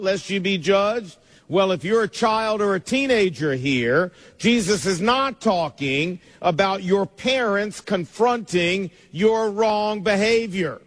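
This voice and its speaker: A middle-aged man, a pastor, preaching a sermon emphatically, his pace speeding up and slowing down. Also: sits high. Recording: long reverb of a large hall.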